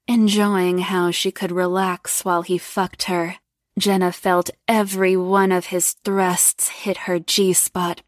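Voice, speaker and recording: Slow, low-voiced woman reading a story. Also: no echo, studio quality. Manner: slow, even storytelling read. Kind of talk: scripted adult story narration.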